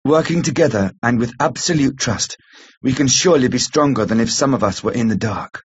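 A man voicing an earnest young woman who pleads gravely, read gently in a husky voice. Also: medium pitch, brisk. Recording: slightly muffled lo-fi recording.

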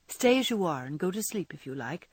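A woman's voice: fairly low pitch, very animated, fairly quick, breathy edge, no room sound. A woman voicing an earnest young woman who lectures her friend, in a storybook reading. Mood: lecturing.

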